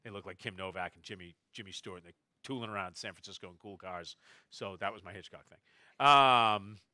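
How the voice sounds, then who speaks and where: A man telling family anecdotes to a festival audience, quoting relatives in quick asides. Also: fairly low pitch, bright, forceful tone, dry recording. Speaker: novelist speaking at a festival. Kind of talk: storytelling talk to an audience. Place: festival stage before a live audience.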